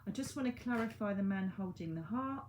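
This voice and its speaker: Against a noisy background, a woman with an expressive mid-range voice speaks briskly as she reads oracle cards to camera. She's a psychic medium giving a casual tarot-style reading, chatty and reassuring, laughing at herself along the way.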